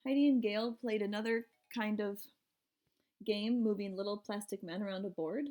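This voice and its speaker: A woman's voice: mid-range voice, normal speed, warm tone. A woman reading a children's storybook aloud, narrating expressively in first person. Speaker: audiobook reader.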